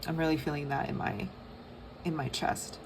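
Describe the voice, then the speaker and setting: Low-voiced woman reading tarot. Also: flat delivery, moderate pace, noisy background. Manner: soft, rambling, many fillers. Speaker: tarot reader. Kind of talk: casual pick-a-card tarot reading.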